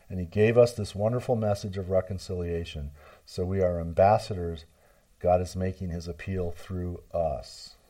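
A man preaching a sermon as pastor, repeating key words and shifting his loudness for emphasis. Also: on the low side. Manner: retells a story acting out voices in quotes.

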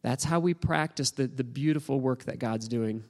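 A man's voice: medium pitch, normal speed, darkish tone, long reverb tail. A man preaching a sermon as pastor, earnest and encouraging, repeating his phrases.

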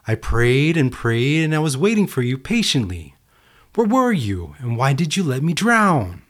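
A man's voice: fairly high pitch, very animated, normal speed, pitched above the performer's own voice. A man voicing a stubborn man who insists on waiting in a flood and brushes off every offer of help. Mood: indignant. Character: stubborn adult man refusing rescue in a flood.

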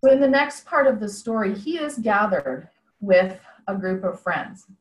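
A woman's voice: mid-range voice, lively intonation, normal speed, reverberant, muffled recording. A woman preaching a conversational sermon over a video call, retelling a story in a plain-spoken, reflective way.

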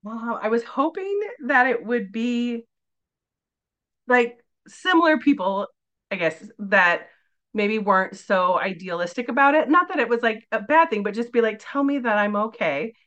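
A woman's voice: fairly high pitch, measured pace, a bit bright, muffled recording. A woman in her forties, a podcast guest chatting casually and telling her story with lots of filler words. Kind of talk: casual interview chat.

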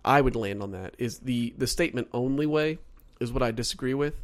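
A man co-hosts a podcast and works through his points carefully, often rephrasing himself. His voice has an ordinary middle pitch. He speaks in an easy, conversational way. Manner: measured, reasons step by step, rephrasing himself. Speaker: podcast co-host. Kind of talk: casual podcast discussion.

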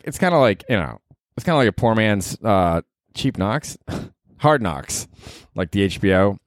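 A man's voice: lowish voice, clear, resonant tone, dry recording, studio quality. A young man hosting a comedy podcast, rambling and cursing in a self-mocking way. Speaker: podcast host. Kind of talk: casual comedic monologue.

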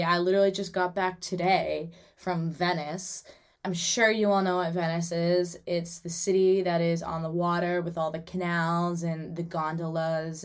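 A young woman hosting her own podcast, chatting casually and animatedly about her weekends, with lots of "like" and quick asides. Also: fairly low pitch. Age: young adult. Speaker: podcast host. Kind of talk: casual solo podcast chat.

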